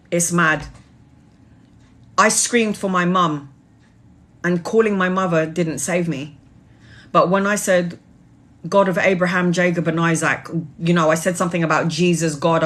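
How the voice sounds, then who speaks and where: A woman's voice: deep voice, a bit bright. Woman tarot reader, live-stream chat, earnest and spiritual, rambling and blunt. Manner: loose, rambling delivery full of restarts. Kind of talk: casual live-stream storytelling.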